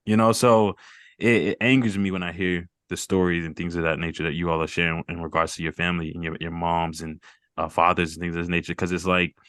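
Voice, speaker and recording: A man's voice: low-pitched, fairly bright tone, no room sound, studio quality. A man hosting a mental health group call, talking earnestly and rambling, repeating words and laughing off his emotions.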